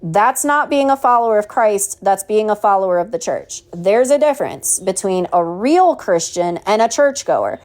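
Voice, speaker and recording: A woman's voice: mid-range voice, big pitch swings, normal speed, hardly any pauses, a little mellow. A woman teaching a Bible study in a preachy, mocking tone, asking rhetorical questions and reading scripture aloud. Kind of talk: home Bible study sermon.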